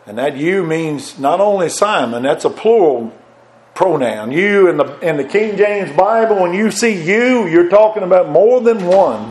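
An older man preaching a sermon, moving from soft conversational asides to loud, fervent bursts. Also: fairly high pitch.

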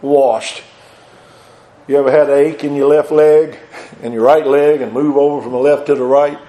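An older man preaching a sermon, moving from soft conversational asides to loud, fervent bursts. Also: a little high, steady tone, normal speed.

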